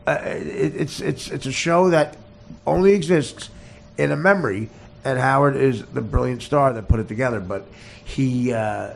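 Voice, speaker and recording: A man hosting a podcast, launching into a profane comedic rant that swings between loud shouted bursts and low muttering, with stammered restarts. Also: normal speed, gravelly, a little hiss or hum. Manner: heavy cursing, repeats and stammers. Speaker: podcast host.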